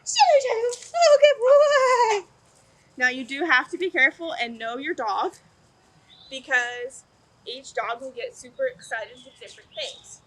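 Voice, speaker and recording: A woman teaching dog training outdoors, explaining in an upbeat way and breaking into excited praise for her dog. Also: high-pitched, moderate pace, a little hiss or hum, poor audio. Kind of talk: instructional video.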